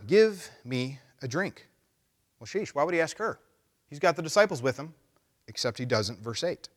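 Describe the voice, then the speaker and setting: A male pastor giving a casual, animated sermon, acting out voices as he goes. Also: medium pitch. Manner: animated, conversational, acts out voices.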